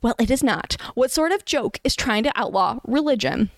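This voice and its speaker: Preachy old headmaster guy woman voicing him, high pitched and bossy, super dry mic. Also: animated, moderate pace, no room sound. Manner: sanctimonious, commanding. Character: self-righteous preachy old headmaster, male.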